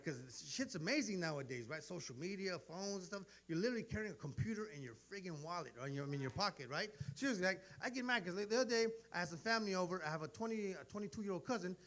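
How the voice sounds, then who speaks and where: A man's voice: high-pitched, quick pace. A man in his forties doing a profane stand-up set, telling stories and acting out the voices of the people in them. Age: 40s. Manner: animated, profane storytelling that acts out voices. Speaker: stand-up comedian. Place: live comedy venue.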